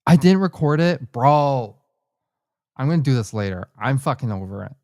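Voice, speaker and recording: A woman with an unusually deep voice chats casually on a live stream, blunt and a little profane. Her pitch swings around freely as she mutters to herself. The sound is close and dry, with no room around it. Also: expressive, normal speed, warm tone, no room sound. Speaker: livestreamer.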